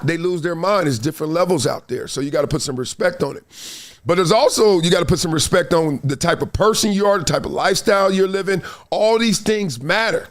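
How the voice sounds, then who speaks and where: A man's voice: high voice, quick pace. A middle-aged man hosting a live sports talk stream, telling stories with emphatic delivery and acted-out quotes. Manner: storytelling, acts out quoted voices, emphatic. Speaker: host.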